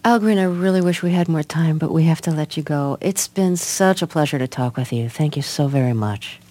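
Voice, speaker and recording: An interviewer asking plain, measured questions with small stumbles, then reading a closing note. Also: medium pitch, warm tone. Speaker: radio interviewer.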